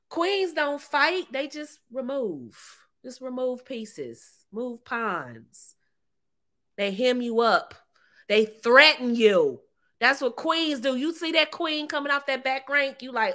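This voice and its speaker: A woman from the United States giving an animated relationship-coaching talk, emphatic, repeating phrases and laughing often. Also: high voice, slow pace. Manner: plays out short quoted voices.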